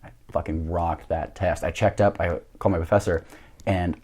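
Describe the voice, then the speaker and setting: Young man, deep voice, podcast guest; lively self-mocking storyteller who swears freely. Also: normal speed, breathy edge. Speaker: podcast guest, jiu-jitsu coach. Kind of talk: casual storytelling.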